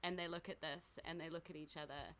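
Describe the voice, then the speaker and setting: A woman with a New Zealand accent, narrating a tabletop game as game master in an animated, storytelling way. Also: low-pitched, a little fast. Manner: animated storytelling with voices for characters. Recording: recorded podcast.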